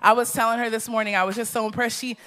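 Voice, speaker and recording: A woman's voice: on the high side, fairly even intonation, rapid-fire, a bit bright. A woman hosting a church Q&A, introducing a guest and calling out to the congregation with energy. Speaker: church host interviewer.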